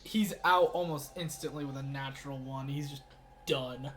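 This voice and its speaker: A man's voice: mid-range voice, moderate pace, heavy background noise. A man narrating as game master in a casual, easygoing way.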